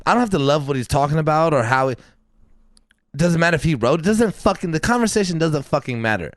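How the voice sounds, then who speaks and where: A man co-hosting a casual podcast, ranting with heavy swearing and emphatic repetition. His voice rides a little high and swings widely in pitch as he gets worked up. The sound is dry and close. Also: animated, fast talker, dry recording. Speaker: podcast co-host. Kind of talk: casual chat.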